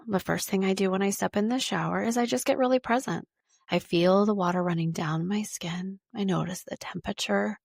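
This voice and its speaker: A woman's voice: medium pitch, creaky, no room sound, studio quality. A woman hosting a wellness podcast, talking casually and informally and repeating words for emphasis.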